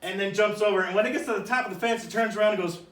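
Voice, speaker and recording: A man telling a funny personal story in a loose, animated way, bursting into shouts and laughter as he acts it out. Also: high voice, racing, slight background noise. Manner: animated, shouts and laughs while acting out the scene. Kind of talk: casual spoken anecdote. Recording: echoey room, distant mic.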